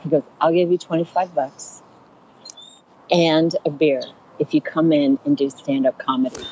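Low-pitched woman on a podcast, chatty comic storytelling, kinda dull sound with a little background noise. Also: normal speed. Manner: chatty, animated storyteller acting out quoted voices. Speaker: stand-up comedian and rideshare driver.

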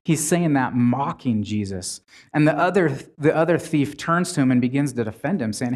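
A man's voice: mid-range voice, lively intonation, normal speed. Conversational man preaching a sermon. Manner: conversational, with frequent restarts and quoted scripture.

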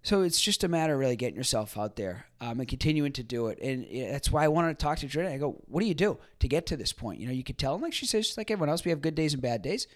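A man's voice: mid-range voice, lively intonation, racing, hardly any pauses. A man hosting a podcast, talking casually and reflectively with many fillers and restarts. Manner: acts out quoted people in a livelier voice. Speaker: podcast host. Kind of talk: casual solo commentary.

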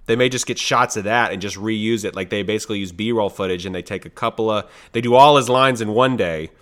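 Podcast co-host, man, lowish voice, loose rambling chat. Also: fairly quick. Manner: rambling, playful, trails off. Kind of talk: casual chat.

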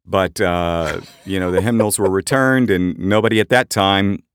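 A man from Arkansas, hosting a podcast and telling a story in an animated, casual way. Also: moderate pace, smooth, no room sound, clean studio sound. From Arkansas, USA. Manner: animated, jumps high when quoting others. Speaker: podcast host.

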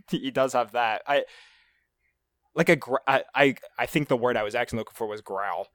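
A man's voice: mid-range voice, normal speed, fairly bright tone, dry recording, studio quality. A man chatting casually on a podcast, rambling with stumbles and restarts.

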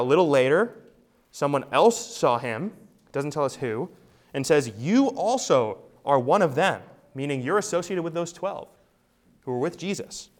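A man preaching an expository sermon, emphatic and full of rhetorical questions. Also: on the high side. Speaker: pastor.

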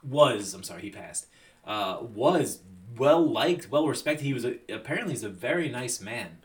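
A man's voice: medium pitch, lively intonation, moderate pace. A man co-hosting a podcast in casual chat, loose and profane, joking and acting out quotes. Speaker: podcast co-host.

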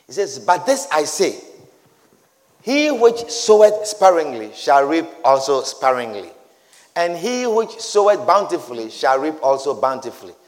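A man preaching a sermon in an emphatic, repetitive style that builds to shouts. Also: a little high, sing-song, unhurried. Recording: reverberant hall.

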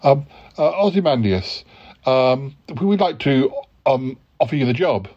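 A man's voice: medium pitch, big pitch swings, measured pace, a little mellow, highs cut off. Dithering, polite man hosting. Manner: hesitant and polite, full of ums and stammered restarts. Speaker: podcast host. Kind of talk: improvised comedy sketch.

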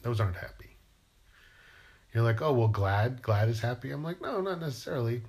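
A man's voice: mid-range voice, moderate pace, darkish tone. A man, a writer, musing playfully in a rambling monologue and asking himself questions aloud.

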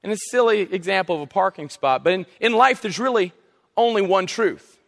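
A pastor from South Carolina, preaching a sermon through animated, humorous storytelling. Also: male voice, high voice, fairly quick, gravelly. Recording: long reverb of a hall.

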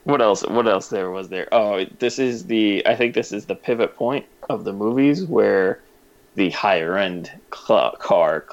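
A man co-hosting a casual podcast chat, animated and rambling, laughing through his asides. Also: lowish voice, measured pace. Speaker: podcast co-host. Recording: muffled lo-fi recording.

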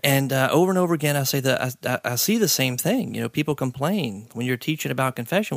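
Male podcast host, mid-pitched and gravelly, earnest and easily impressed. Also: expressive, brisk, no room sound, clean studio sound. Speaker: podcast host and high school teacher. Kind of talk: casual interview chat.

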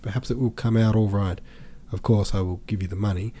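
A man voicing a weary middle-aged senator gently consoling his sister, low and mellow. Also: fairly even intonation, a little fast, slight background noise, close to an everyday voice.

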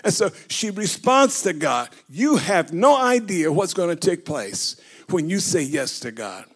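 A man's voice: high voice, sing-song, unhurried, husky. A man preaching a sermon as bishop. He tells the scripture as a story, acting it out and leading the congregation in call and response.

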